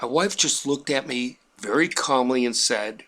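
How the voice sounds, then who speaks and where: A man's voice: medium pitch, moderate pace, few pauses, pushed and bright. A man telling a comic personal story in a wry, self-mocking, exaggerated way. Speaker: painting instructor telling a family story.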